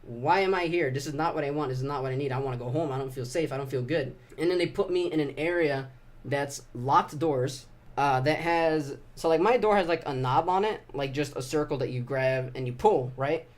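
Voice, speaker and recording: A young man telling a raw, halting personal story to the camera, swearing often and restarting his sentences. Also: fairly high pitch. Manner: halting, emotional, profane, many restarts. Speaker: vlogger.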